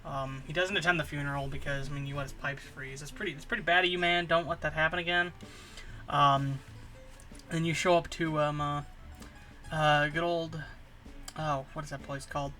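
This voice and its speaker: A man's voice: a little high, steady tone, moderate pace, bright, forceful tone, faint music behind. A man telling a rambling, improvised absurd story, stumbling through fillers and restarts. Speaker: comedy channel host.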